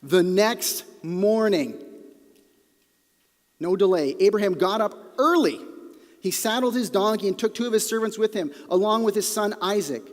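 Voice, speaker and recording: Guy preaching a sermon, earnest, gets quiet for emphasis, church hall reverb. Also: sits high, normal speed. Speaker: pastor. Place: church auditorium. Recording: long reverb of a large hall.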